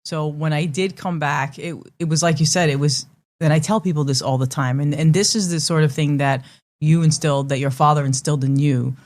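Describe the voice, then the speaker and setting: A woman's voice: low voice, fairly even intonation, brisk, darkish tone. Woman in her 40s, guest on a chat, earnest and reflective, says "you know" a lot. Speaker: guest, martial arts master. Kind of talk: casual conversational interview.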